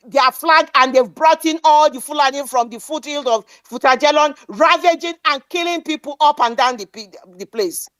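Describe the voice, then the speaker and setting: A woman's voice: high voice, fairly bright tone, no room sound. A woman giving an impassioned political speech, defiant and declamatory, repeating lines for emphasis. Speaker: speaker at an online activist meeting.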